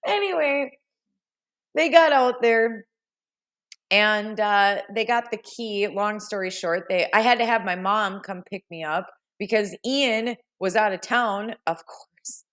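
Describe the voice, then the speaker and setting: A woman's voice: mid-range voice, fairly even intonation, slow, a bit bright. A woman vlogger telling a rambling, self-mocking story in a casual voice-over.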